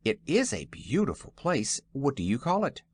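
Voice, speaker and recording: A man voicing a sober, courteous old wizard in a storybook reading, a bit lower than his narration. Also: huge pitch swings, moderate pace, slightly rough, no echo, clean studio sound. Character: sober, polite elderly male wizard.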